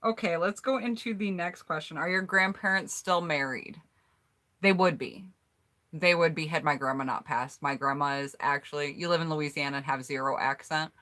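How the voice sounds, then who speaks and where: Low, bright-voiced American woman chatting. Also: normal speed. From United States. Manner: blunt, candid, chatty. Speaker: YouTuber hosting a live stream. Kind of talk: casual live-stream chat, reading viewer comments.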